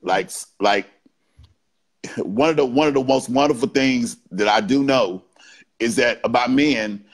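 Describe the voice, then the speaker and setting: A man's voice: medium pitch, a little slow. A man speaking as a guest on a podcast, explaining casually in short bursts and often tagging his lines with "right?". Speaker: guest BDSM educator. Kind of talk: casual podcast interview talk.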